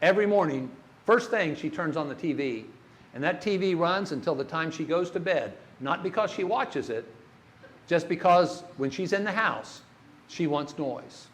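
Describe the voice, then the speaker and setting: A man's voice: on the high side, animated, normal speed. An older man giving a church workshop talk on grief, folksy and storytelling, asking the audience questions.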